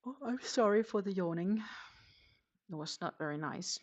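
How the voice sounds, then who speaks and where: A woman's voice: medium pitch, animated, moderate pace. A woman hosting a live crochet stream, chatting in a rambling, casual way and answering viewer comments as she works. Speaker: crochet livestream host. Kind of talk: casual chat while crocheting.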